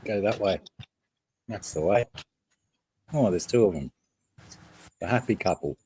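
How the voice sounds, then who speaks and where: A man's voice: on the low side, expressive, a little slow, noisy background. A man with an Australian accent, hosting a casual livestream and greeting chat viewers by name. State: has a headache. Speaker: livestream host.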